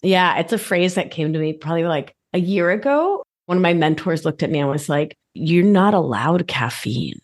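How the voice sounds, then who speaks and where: A woman talking as a podcast guest, animated and playful, with sudden jumps in pitch. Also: fairly quick, hardly any pauses. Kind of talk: conversational interview.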